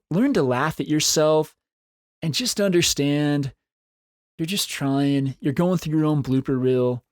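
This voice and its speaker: A man's voice: mid-range voice, darkish tone, no echo, studio quality. A man hosting a solo podcast, talking in an earnest, encouraging way and repeating phrases for emphasis. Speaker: podcast host. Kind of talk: solo motivational podcast talk.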